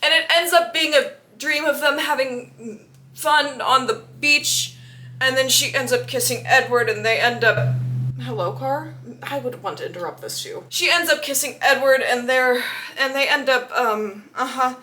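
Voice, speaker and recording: Sarcastic, bright-voiced woman book vlogger. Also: high voice, unhurried. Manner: sarcastic, animated retelling. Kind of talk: casual book recap vlog.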